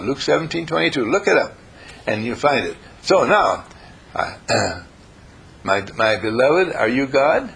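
A man preaching through a lively story, playful and animated, with a gravelly, husky voice. His pitch sits a bit high and swings widely. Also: a little slow. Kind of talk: storytelling sermon.

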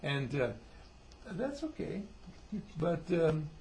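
A man's voice: a little high, slow, slight background noise. A man giving an informal talk on behaviour, acting out quotes in different voices. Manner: animated, acts out quotes in voices.

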